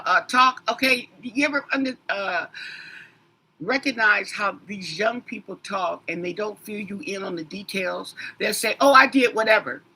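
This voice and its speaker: A woman's voice: medium pitch, sharp tone, slightly rough. A woman tarot reader in a casual livestream chat, rambling and talking straight to her commenters with emphatic asides.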